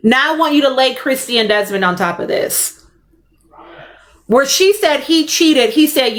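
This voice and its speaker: A young adult woman hosts a casual commentary livestream in a high, animated voice at normal speed. She is emphatic and likes to repeat her points.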